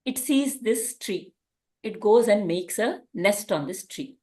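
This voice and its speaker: A woman, teaching a spiritual class through a gentle, meandering parable. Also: medium pitch, animated, slow pace. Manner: gentle storytelling with restarts.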